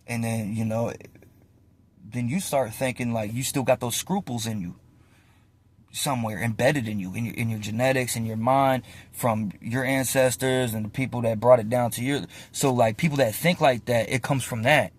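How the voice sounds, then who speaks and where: A man's voice: medium pitch, normal speed. A man in his twenties, ranting casually and profanely to the camera from inside a parked car, tossing in slang and "bro". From United States. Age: 20s. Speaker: vlogger.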